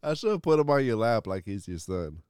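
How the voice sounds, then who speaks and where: Goofy male podcast co-host, smooth, clear voice, lively pitch. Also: a little fast, dry recording, studio quality. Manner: giggly, goofy. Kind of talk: casual chat.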